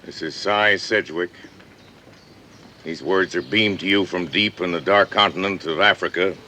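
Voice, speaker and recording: A man's voice: deep voice, pushed and bright, a little hiss or hum, heavily acted. An actor playing a brash, boastful TV showman in a 1950s film, talking in a bombastic, domineering way. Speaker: TV broadcaster on safari.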